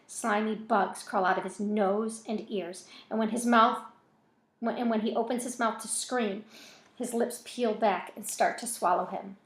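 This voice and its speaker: A woman with a mid-range voice reads a novel aloud informally, in a roomy-sounding space. Between chapters she adds casual asides, correcting herself as she goes.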